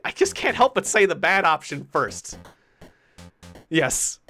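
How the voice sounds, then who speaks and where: A woman's voice: low-pitched, huge pitch swings, slow pace, sharp tone, faint music behind. Playful woman narrating a game. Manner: playful, giggly, reads game text aloud. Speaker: let's play host. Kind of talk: casual game commentary.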